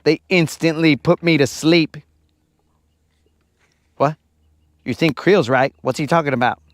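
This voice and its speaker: A man's voice: a little high, unhurried, no echo, clean studio sound. A man hosting a fishing livestream from a lake, bantering with his chat in a playful, teasing, slangy way.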